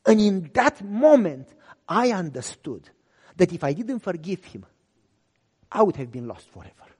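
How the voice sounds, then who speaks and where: A man's voice: high-pitched, measured pace, slightly rough, big-room sound. A man preaching a sermon as a pastor, telling a story and acting out the dialogue. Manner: animated, acts out both sides of dialogues.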